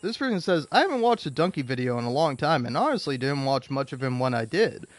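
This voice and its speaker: A man's voice: mid-range voice, fast talker, no echo. A young man reading out comments and ranting about them in a casual, profane, rambling way while he plays a game. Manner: profane, animated, rambling with restarts.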